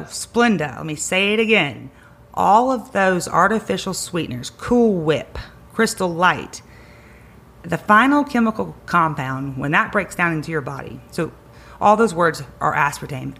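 A woman's voice: lowish voice, animated, measured pace, vocal fry, fairly bright tone, slightly rough. A woman, a chiropractor guest on a podcast, giving emphatic advice and repeating key words to drive her points home. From Greenville County area, South Carolina. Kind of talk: energetic advice-giving conversation.

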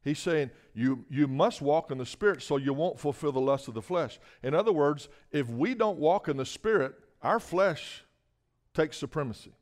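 A man's voice: a little high, animated, normal speed. Emphatic preacher, man. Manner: emphatic, repeats words, asks "Amen?". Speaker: guest preacher. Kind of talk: sermon.

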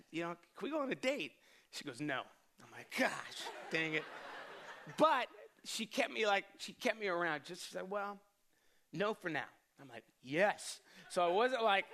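A man in his thirties, a pastor telling a lively personal story in a sermon and laughing often as he goes. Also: high-pitched. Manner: animated storyteller, self-deprecating, laughs often.

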